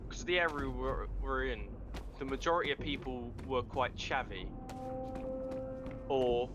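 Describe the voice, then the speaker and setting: A man's voice: medium pitch, a little slow, dull audio, music in the background. A young man chatting casually while playing a game online, telling rambling stories with plenty of swearing. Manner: rambling storyteller, loose and swearing. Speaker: fellow player. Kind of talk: casual chat while gaming.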